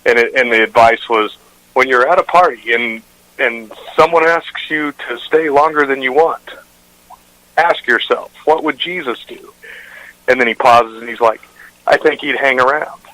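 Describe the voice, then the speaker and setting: A man's voice: mid-range voice, normal speed, sharp tone, no room sound, rough recording. A man who hosts a radio show, telling stories in a casual interview with rambling restarts and fillers. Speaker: radio show host, guest.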